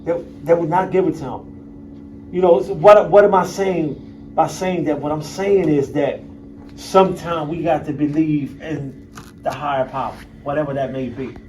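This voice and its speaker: A man's voice: on the high side, fairly even intonation, normal speed, dark tone. Blunt streetwise man, heard from afar. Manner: blunt, streetwise, emphatic with profanity. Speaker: guest speaker. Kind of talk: candid storytelling talk to an audience. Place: university lecture room. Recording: voice picked up from a distance.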